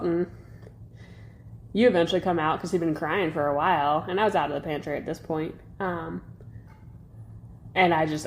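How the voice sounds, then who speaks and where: Candid young mom chatting, low-ish voice. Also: female voice, darkish tone. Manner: candid, rambling, many "like" fillers. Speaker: podcast co-host. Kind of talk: casual chat.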